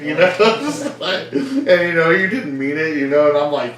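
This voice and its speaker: A man's voice: fairly high pitch, expressive, moderate pace, hardly any pauses, a bit bright. A young man casually chatting as a podcast host, rambling, laughing often and acting out the voices of people in his stories. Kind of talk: casual chat. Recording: echoey room from far off, faint noise.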